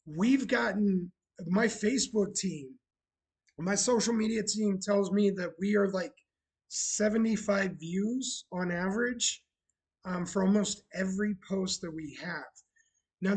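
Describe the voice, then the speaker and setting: With poor audio, a man with a high, husky voice talks casually on his live stream. He runs a bar roleplay channel and is sarcastic and chatty, greeting viewers along the way.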